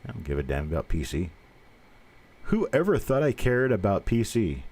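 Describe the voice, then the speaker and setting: On his live coin stream, a fiftysomething Southern host with a faint accent talks in a lowish, darkish voice. He speaks at a moderate pace with big pitch swings. The chat is casual, blunt and meandering, with jokes at his own expense.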